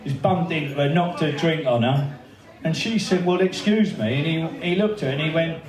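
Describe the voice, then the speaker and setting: A man tells stories to a crowd in a pub, laughing and swearing as he acts out the other people's lines. His voice sits fairly high, and it carries through a roomy, echoing space from a distance away from the mic. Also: moderate pace. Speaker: speaker at a memorial birthday event. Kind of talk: anecdotal speech to a crowd. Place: pub function room. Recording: echoey room, heard from a distance.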